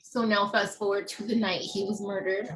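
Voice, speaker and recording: A woman in her thirties giving an emotional personal testimony, halting with pauses and fillers and often clearing her throat. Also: medium pitch, flat delivery, a bit bright, rough recording. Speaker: family member speaking on a webinar panel.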